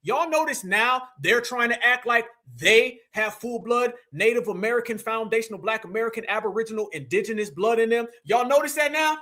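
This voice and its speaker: A man hosting a casual livestream, talking in an animated, slangy and mocking way. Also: very high-pitched, brisk, few pauses. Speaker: livestream host.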